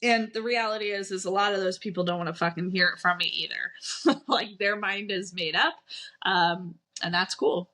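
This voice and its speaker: Frank woman coach with a bright voice. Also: fairly low pitch. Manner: frank and reflective, swears casually, many fillers like "right?". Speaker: life coach and podcast host. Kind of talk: candid solo podcast monologue.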